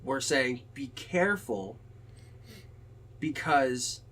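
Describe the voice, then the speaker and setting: A young man hosting a casual podcast chat, telling lively stories and swearing freely. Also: mid-range voice, extremely slow, rough recording. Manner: animated storyteller, swears a lot. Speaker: podcast host.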